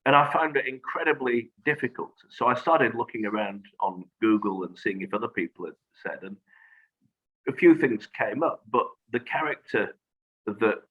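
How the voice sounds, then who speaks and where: A man speaking as a guest in a reflective conversation, measured and thoughtful, pausing on fillers. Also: on the low side, pushed and bright, husky. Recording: dull lo-fi audio.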